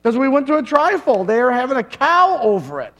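Male pastor, middle-aged, very high voice, punchy sermon delivery with jokes and long pauses. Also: huge pitch swings, a bit bright, highs cut off. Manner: emphatic preaching with dramatic pauses and humor.

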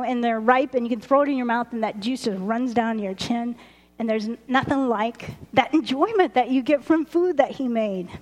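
A woman preaching a lively, chatty sermon, laughing often. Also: high-pitched. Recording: roomy hall reverb.

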